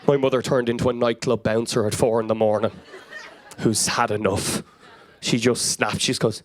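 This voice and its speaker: A man's voice: mid-range voice, expressive, normal speed. An Irish man in his thirties performing a frenetic, anecdotal stand-up comedy set to a live crowd. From Ireland. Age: 30s. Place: comedy club stage before a live audience.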